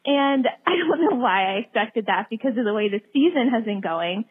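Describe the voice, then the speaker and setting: A woman calls in with a high, breathy voice. She speaks thoughtfully and searches for words. A tinny phone line carries her voice. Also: animated, moderate pace. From New Jersey. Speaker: caller. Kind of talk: voicemail message.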